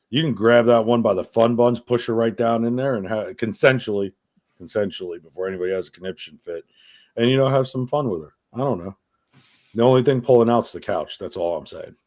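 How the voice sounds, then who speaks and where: A man's voice: fairly low pitch, darkish tone. A man from New York hosting a podcast, talking in a crude, rambling, profane way. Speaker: podcast host. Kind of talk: casual chat.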